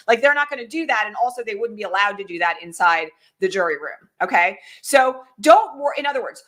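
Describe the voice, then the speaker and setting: A woman's voice: fairly high pitch, lively intonation, quick pace, few pauses, fairly bright tone. A middle-aged woman hosting a political livestream, talking urgently and directly and asking the audience rhetorical questions. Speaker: political commentator and host. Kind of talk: livestream commentary.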